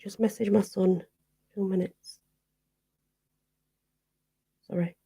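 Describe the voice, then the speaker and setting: A woman from Barnsley with a Yorkshire accent, hosting a relaxed live chat and answering viewers, who says "you know" again and again. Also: mid-range voice, slow, creaky, breathy edge. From Barnsley, Yorkshire, England. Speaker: livestream host.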